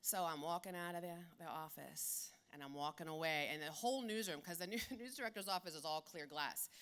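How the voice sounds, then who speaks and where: Bright, blunt-talking woman keynote speaker. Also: deep voice, brisk, clear, resonant tone. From South Philadelphia. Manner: animated, blunt and profane. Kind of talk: comedic storytelling keynote.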